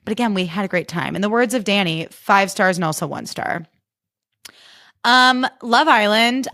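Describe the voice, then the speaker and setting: A woman's voice: medium pitch, normal speed, bright, forceful tone, dry recording, studio quality. A woman podcast host and comedian in a casual comic monologue, chatty and sarcastic, full of fillers.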